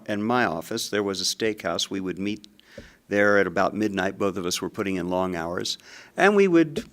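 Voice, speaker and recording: An older man with a low, gravelly voice tells a personal story. He is animated and acts out his own rising frustration as the tale builds. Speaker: screenwriter telling a personal story. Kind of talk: storytelling talk.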